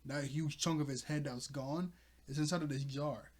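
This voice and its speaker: A man's voice: a little high, steady tone, normal speed, darkish tone. A man giving a casual, rambling recap of a manga chapter, chuckling as he goes. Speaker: manga reviewer.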